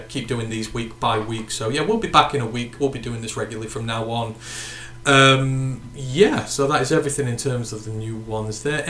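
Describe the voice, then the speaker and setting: Chatty British podcast host, echoey room. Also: male voice, medium pitch, a bit bright, a little hiss or hum. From United Kingdom. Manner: chatty, reads out viewer comments and sign-offs. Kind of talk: casual sports podcast chat.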